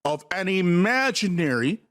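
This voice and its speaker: A man's voice: sits high, sing-song, a little slow, fairly bright tone. A man hosting a livestream commentary, talking in a preachy, repetitive way and calling his viewers family. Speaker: host.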